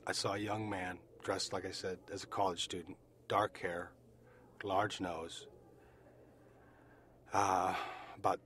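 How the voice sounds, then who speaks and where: A man from the United States tells his story as an eyewitness, with a lowish voice. He speaks deliberately and leans on repeated phrases for emphasis. A faint hum sits behind him. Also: a bit bright. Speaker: eyewitness survivor. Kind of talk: personal testimony.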